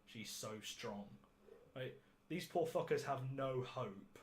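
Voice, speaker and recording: Speaking slowly but animatedly in a mid-range voice, this man hosts a podcast where he reviews a film. He's sarcastic and ranty, swears a lot and cracks himself up.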